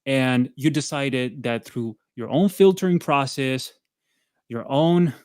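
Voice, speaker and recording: Male co-host, mid-range voice, winded from pushups, lively storyteller, dry close-mic sound. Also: mid-range voice, slow, clear, resonant tone, no room sound. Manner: animated storyteller, acts out quoted dialogue. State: out of breath. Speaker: podcast co-host. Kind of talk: casual chat during a pushup livestream.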